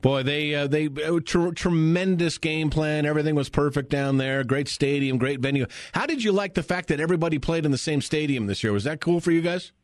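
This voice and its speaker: A man's voice: fairly high pitch, fairly quick, hardly any pauses, dry recording, clean studio sound. Chatty male sports radio host. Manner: chatty, enthusiastic, many fillers. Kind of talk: live sports radio talk. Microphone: studio microphone.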